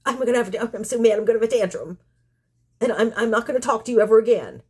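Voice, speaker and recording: A woman's voice: fairly high pitch, lively intonation, fast talker, warm tone, slightly rough, pitched above the performer's own voice. A woman mocking an angry viewer as a petulant, whiny adult throwing a toddler tantrum.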